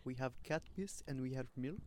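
A man, a guest, playing a bartender in a deadpan way. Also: mid-range voice, brisk, a crowd in the background.

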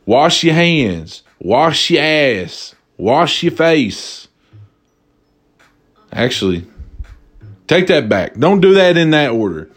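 A man talks loosely into the mic in a mid-pitched voice, hosting his own drinking podcast. He rambles, curses freely and jokes, and he often backs up to correct himself. He sounds a little tipsy. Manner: rambling, profane, jokey, with self-corrections. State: tipsy from tequila. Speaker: podcast host. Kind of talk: casual drinking podcast monologue.

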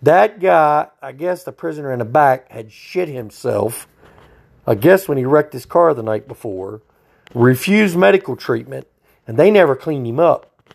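Gravelly trooper telling a story. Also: male voice, mid-range voice, expressive, measured pace. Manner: blunt, profane, folksy. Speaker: state trooper. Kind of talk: casual storytelling.

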